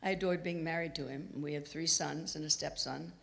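Her voice sits low with a steady tone and a creaky texture, and she speaks fairly quickly. The speaker is an eightysomething guest at a university lecture hall, telling anecdote after anecdote in a chatty talk and voicing the people she quotes, all within the hall's reverberation.

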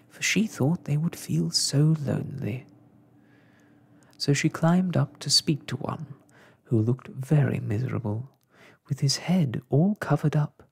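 A storyteller reading a children's story aloud in a whispered role-play, soft and hushed. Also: mid-range voice, vocal fry, husky.

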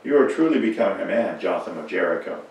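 Kind wise caravan master, read by a man, low, gentle, measured, distant church echo. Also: animated. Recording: echoey church from far off.

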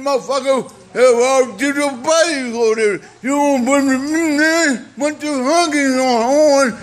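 A man ranting furiously and profanely, screaming and pleading, his voice strained from yelling. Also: very high-pitched. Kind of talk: angry rant.

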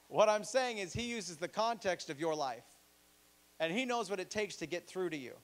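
A male pastor preaching a sermon in a church, animated and joking, acting out the voices he quotes. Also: sits high, moderate pace.

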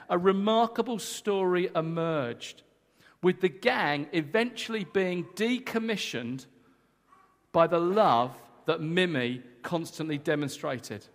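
High-voiced man preaching in a reverberant church. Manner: energetic, emphatic, joking with the congregation. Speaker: guest preacher. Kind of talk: sermon. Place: church hall. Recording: long church hall reverb.

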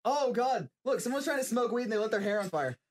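A man with a faint Southern accent chatting on live radio, excitable, laughing and swearing as he gives things away. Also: very high voice, quick pace. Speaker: band member guest. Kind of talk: casual live radio chat.

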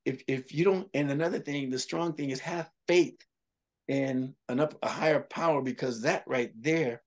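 A comedian telling jokey, animated stories in an interview, often repeating himself. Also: male voice, medium pitch, moderate pace. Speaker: comedian guest. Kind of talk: storytelling in an interview.

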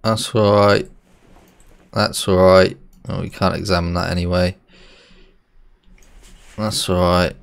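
A man's voice: low voice, slow pace, creaky, long pauses, clear, resonant tone. A man, a streamer giving loose live gameplay commentary, swearing often and chatting with his viewers. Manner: excitable, swears a lot, chats with viewers.

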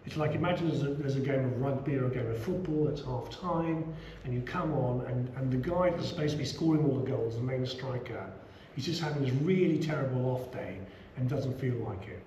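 A middle-aged man teaches a relaxed scripture class, chatty and full of asides. His voice is mellow and mid-pitched. He was recorded on a small action camera in a roomy indoor space with a faint hum behind him. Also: a little fast, hardly any pauses. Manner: chatty, many asides and "you know".

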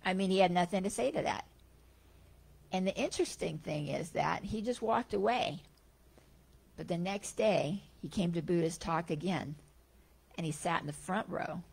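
A woman giving a Sunday spiritual talk, telling stories in a chatty, animated way. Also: deep voice, gravelly, breathy edge. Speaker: guest speaker at a spiritual center.

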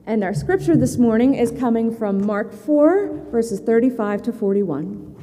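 Woman reading to the church, really lively up and down voice, echoey sanctuary. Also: fairly high pitch. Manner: slow, expressive, sing-song reading. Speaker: church leader reading to the congregation. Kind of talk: storybook reading, then scripture reading.

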